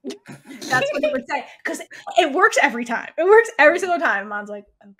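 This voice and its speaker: A woman's voice: high voice, huge pitch swings, brisk, sharp tone. A woman co-hosting a podcast, chatting casually as she recaps a series scene by scene and acts out the characters' lines, laughing often. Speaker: podcast co-host.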